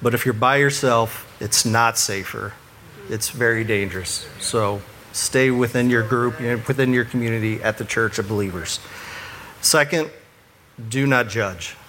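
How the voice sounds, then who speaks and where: A man's voice: medium pitch, normal speed, pushed and bright. A man who works with churches, giving earnest, conversational faith advice and chuckling at himself now and then. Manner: earnest, self-deprecating, chuckles at his own stories. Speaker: church ministry worker.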